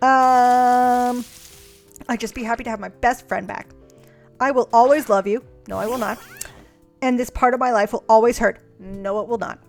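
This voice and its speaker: A woman's voice: on the high side, steady tone, moderate pace. A young woman streaming, casually reading her old letters aloud and mocking her past self, swearing freely. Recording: faint music behind.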